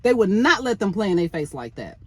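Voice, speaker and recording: A woman's voice: mid-range voice, big pitch swings, a little fast, slightly rough, no room sound. A woman giving blunt, opinionated commentary on a reality show in a casual, exasperated way. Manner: blunt, exasperated, talks to the show's people directly.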